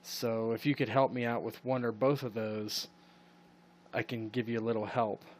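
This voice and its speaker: A man's voice: mid-range voice, flat delivery, normal speed, darkish tone, slight background noise, lightly acted. A man voicing a ragged young boy beggar locked in a cell, bargaining in a matter-of-fact way during a tabletop game.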